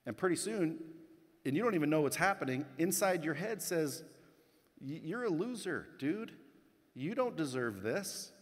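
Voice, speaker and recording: A man giving a motivational keynote speech to a conference crowd, blunt and casual, swearing and addressing the audience directly. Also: fairly high pitch. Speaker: keynote speaker. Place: conference hall stage. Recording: long hall reverb.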